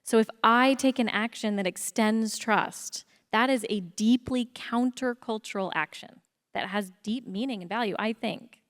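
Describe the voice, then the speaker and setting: A woman's voice: on the high side, unhurried. Earnest woman telling a story onstage. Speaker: panel speaker. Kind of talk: storytelling on a conference stage. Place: theatre stage. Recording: long hall reverb.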